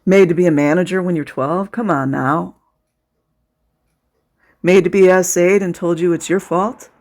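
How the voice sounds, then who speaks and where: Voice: medium pitch, fairly even intonation, moderate pace, darkish tone. A video commentator talking casually over footage, sarcastic and indignant, sometimes sounding close to tears.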